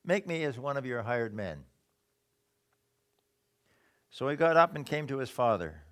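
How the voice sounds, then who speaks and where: A man reads scripture aloud during a sermon and explains it, alternating between loud emphasis and quiet, low asides. He is very animated yet keeps a measured pace.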